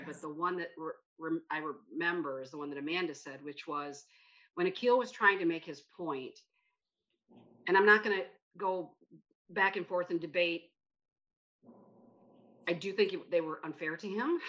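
A middle-aged American woman co-hosting a podcast, talking in an emphatic, animated way and often cutting herself off. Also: fairly low pitch. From United States. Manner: emphatic and animated, self-interrupting. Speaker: podcast co-host. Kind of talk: casual discussion. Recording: slightly muffled lo-fi mic.

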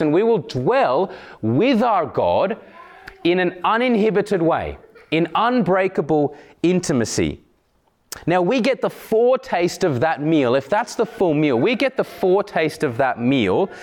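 A man preaching a sermon in a church, earnest, slowing down on emphatic phrases. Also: a little high. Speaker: pastor.

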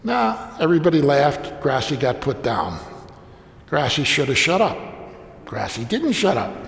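A man's voice: mid-range voice, very animated, measured pace, creaky, fairly bright tone. A man, a priest, telling a humorous story about himself in a wry, self-deprecating way. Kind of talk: humorous anecdote told to an audience. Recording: echoey hall with long reverb.

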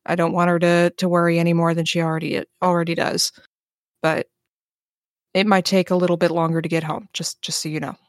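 A woman's voice: lowish voice, level tone, a little fast, no room sound, clean studio sound, natural voice. A woman voicing a seasoned adult scavenger who is cocky but protective, reassuring family on a call and brushing off worry.

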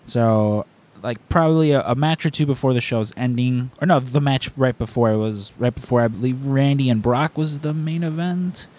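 A man's voice: medium pitch, normal speed. A man hosting a podcast, telling a long story in casual chat, rambling and correcting himself as he goes. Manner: rambling, self-correcting, animated retelling.

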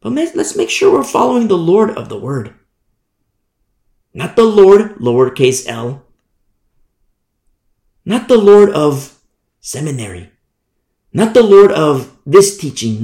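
A man's voice: fairly high pitch, big pitch swings, unhurried, long pauses, a little mellow. A man preaching a sermon emphatically, driving points home with repetition. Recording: echoey room.

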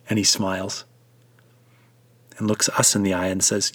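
A man's voice: sits low, level tone, normal speed, long pauses, a bit bright, no room sound. A man, a preacher, leading listeners through a vivid, immersive devotional retelling of a story.

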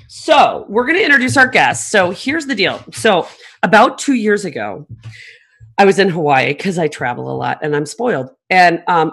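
Deep-voiced woman in her 50s, podcast host, chatty and swears a lot, big animated storyteller. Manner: animated, profane, laughing storyteller. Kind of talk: casual storytelling chat.

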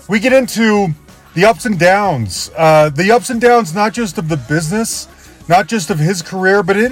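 Enthusiastic male podcast host, slightly high, rambling self-deprecating intro, faint music under him.

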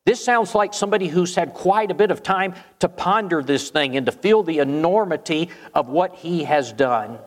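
A man's voice: a little high, lively intonation, normal speed, few pauses. A man preaching a sermon, retelling a story and asking the listeners questions. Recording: long hall reverb.

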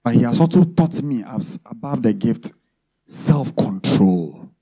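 A man's voice: medium pitch, animated, moderate pace, mellow, husky. A man preaching a sermon as pastor, often checking in with the congregation through rhetorical questions.

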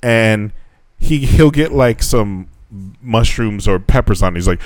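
A man's voice: a little slow, no echo. A man co-hosting a casual podcast chat, rambling and swearing a lot, his voice jumping up when he gets worked up. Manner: heavy swearing, rambling with restarts; animated, voice jumps high when telling stories. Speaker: podcast co-host. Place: living in Japan.

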